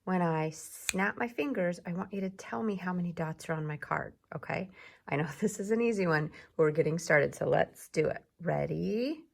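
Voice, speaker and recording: A woman teacher giving a recorded lesson to young children, patient and encouraging, repeating each word slowly so they can clap along. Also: lowish voice, vocal fry. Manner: slow, patient, encouraging, repeats words for clapping.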